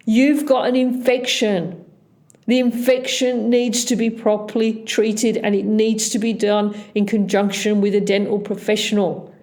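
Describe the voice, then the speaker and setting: Woman dentist, mellow tone, deliberate and emphatic, leans hard on key words. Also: mid-range voice, level tone. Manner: emphatic, lecturing, repeats key words for stress. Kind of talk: health explainer.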